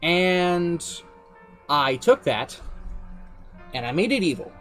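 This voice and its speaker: Guy streaming, retelling his dnd campaign, rambly and jokey, kinda high voice, faint music behind. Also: sing-song, slow pace, long pauses, fairly bright tone. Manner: rambling, self-deprecating storyteller. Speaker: streamer and game master. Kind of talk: casual narration of a tabletop campaign.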